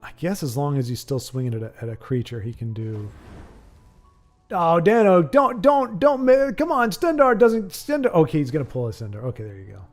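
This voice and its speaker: A man hosting a livestream, giving rambling, casual commentary on a card game, with sudden excitable outbursts. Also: fairly high pitch, brisk, faint music behind. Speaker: livestream host.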